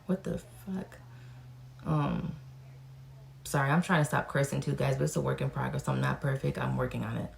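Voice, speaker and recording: Very low-voiced, gravelly young woman vlogger. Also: darkish tone. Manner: chatty and frank, with casual cursing. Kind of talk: casual Q&A vlog.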